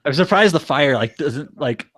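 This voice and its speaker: A man's voice: a little high, lively intonation, normal speed, fairly bright tone, no room sound. A man co-hosting a podcast in casual chat, rambling with lots of fillers and restarts. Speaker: podcast co-host.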